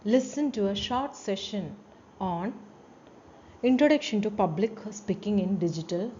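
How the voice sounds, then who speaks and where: A woman's voice: animated, unhurried, lo-fi sound. A woman teacher giving a classroom lecture, explaining terms with frequent checks like "you know" and demonstrating tones with her voice. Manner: demonstrates tones by swinging her pitch and loudness.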